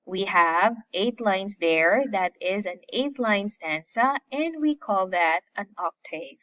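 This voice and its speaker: A woman teaching a lesson at an unhurried pace. She stresses each term she lists. Her voice comes through slightly muffled, lo-fi audio. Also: medium pitch, lively intonation, a bit bright. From Philippines. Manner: slow, deliberate, stresses each listed term. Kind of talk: recorded classroom lecture.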